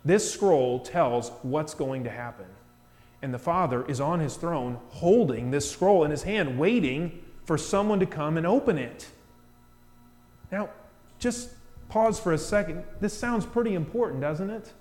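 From the pulpit, a pastor delivers a sermon in a fairly high voice and an unhurried manner, telling stories animatedly and pulling listeners in with rhetorical questions. He sinks to a near hush for weight, then rises to loud emphasis, his words fading into a long church reverb.

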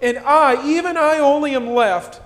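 A man's voice: very high-pitched, moderate pace, fairly bright tone, big-room sound, voice pushed up. A man doing Elijah as a whiny toddler. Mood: whining. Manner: whining, like a screaming toddler. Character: Elijah as a whiny, self-pitying grown man.

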